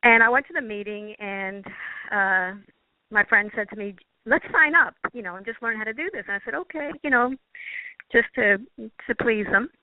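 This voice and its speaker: A woman guest, a quantum healing practitioner, telling a personal story in an earnest, halting way, often restarting her phrases. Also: fairly high pitch, lively intonation, no room sound. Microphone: phone or call line. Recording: tinny dry phone line.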